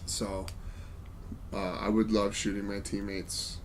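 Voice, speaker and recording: A man in casual gaming chat, telling stories in an animated way and laughing often, with a faint noise behind him. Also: lowish voice, takes it slowly. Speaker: podcast host.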